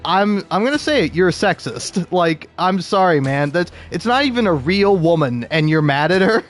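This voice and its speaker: A man's voice: high voice, expressive, moderate pace. A young man talking casually about video games, rambling with lots of fillers and frequent laughs. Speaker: video game commentator.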